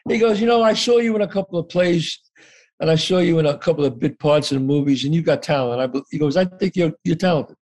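A man's voice: a little high, fast talker, a little mellow. A man telling a story as an interview guest, acting out the dialogue and swearing casually.

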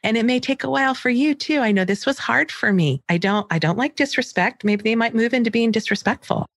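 Calm middle-aged woman coaching parents. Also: on the high side, brisk, no room sound, studio quality. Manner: calm, gentle, acts out example dialogue. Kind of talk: teaching talk to parents.

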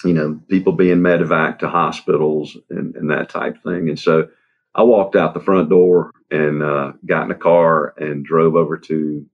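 A man interviewed as a guest, recounting events in a halting way, with fillers and soft laughs. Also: extremely low pitch. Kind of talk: interview storytelling. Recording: dull lo-fi sound.

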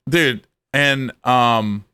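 A middle-aged man telling lively, profane stories in a casual podcast chat, jumping his pitch up for quoted voices. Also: drawn-out words, clean tone. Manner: animated storyteller, swearing, jumps high for quoted voices. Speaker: podcast co-host.

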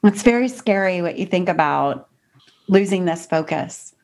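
A woman hosts a podcast in a casual, conversational way. She speaks emphatically, and her voice leaps upward whenever she stresses a point. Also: moderate pace. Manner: animated, emphatic, pitch jumps up for emphasis. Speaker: podcast host.

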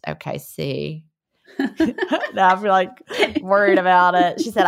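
A woman's voice: medium pitch, big pitch swings, moderate pace, gravelly. A woman co-hosting a podcast, chatting casually, laughing often and reading listener letters aloud. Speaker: podcast co-host. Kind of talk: casual chat. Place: lives in a beach resort town.

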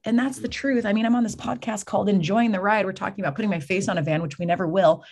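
A woman from California, a podcast guest telling a lively personal story that leads into a faith message, acting out the voices in it. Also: medium pitch, quick pace. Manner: animated storyteller, acts out quoted voices.

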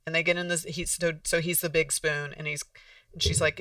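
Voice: mid-range voice, level tone, fairly quick, pushed and bright, dry recording, clean studio sound, distant mic. A podcast host explaining in a casual, conversational way, often restarting sentences and acting out example dialogues.

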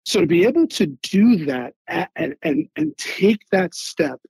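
A gravelly man with a somewhat raised voice tells his army stories in an animated way. He is from Philadelphia, stumbles over repeated words as he goes, and sounds husky up close. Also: a little high, unhurried, dry recording, low-quality recording. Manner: animated, repeats words while searching for them. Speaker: guest, Army veteran. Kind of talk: casual interview storytelling.

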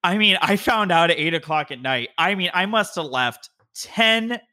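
Animated man telling a heated story. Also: high-pitched. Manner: animated, heated retelling with quick bursts. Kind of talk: conversational storytelling. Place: home office.

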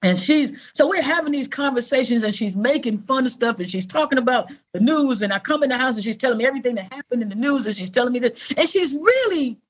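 A middle-aged woman with a slightly high voice tells a personal story as an interview guest. She speaks earnestly and conversationally. She slips into the voices of the people she quotes. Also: quick pace, few pauses. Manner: animated, acts out quoted voices.

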